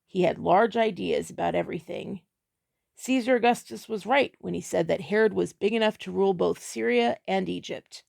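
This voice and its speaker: A woman narrating historical letters in a measured, even storytelling manner. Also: mid-range voice, creaky. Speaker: audiobook reader.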